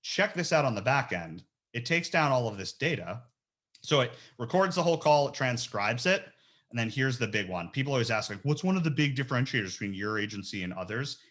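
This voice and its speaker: A man walks a webinar audience through a software demo in a relaxed, slangy, animated way. His voice sits in an ordinary middle male range, and he talks with quick bursts of enthusiasm. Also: medium pitch. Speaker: recruiter giving a software training.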